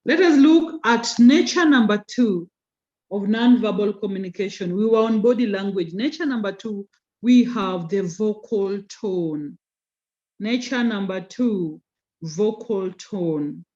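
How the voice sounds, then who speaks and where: A woman teaching a class online, slowing down to stress key terms and teasing students by name. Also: medium pitch, darkish tone. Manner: code-switches into Swahili, teasing students by name. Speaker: communication skills lecturer. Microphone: video call. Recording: lo-fi video call audio.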